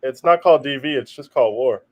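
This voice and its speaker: A man's voice: medium pitch, fast, a little mellow, no room sound. A man joking around in casual football banter. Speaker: co-host in watchalong. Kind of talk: casual chat.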